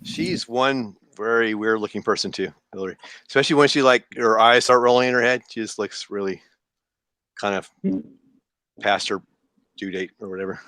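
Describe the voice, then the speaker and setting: A man's voice: lowish voice, normal speed, pauses often, bright, forceful tone, no echo. A man joking and rambling in a casual online group voice chat. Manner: joking, rambling, puts on accents. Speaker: chat room participant.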